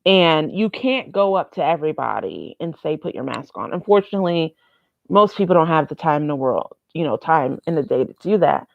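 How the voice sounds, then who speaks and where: Young woman with a gravelly, low voice. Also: expressive, brisk, no echo, muffled recording. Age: young adult. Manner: candid, rambling and profane. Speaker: vlogger. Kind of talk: casual vlog monologue.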